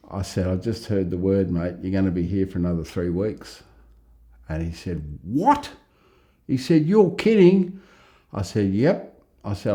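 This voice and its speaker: A middle-aged Australian man telling a rambling, lively story in a casual interview. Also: sits low. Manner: rambling, animated, laughs at own story. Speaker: interviewee, psychiatric ward worker.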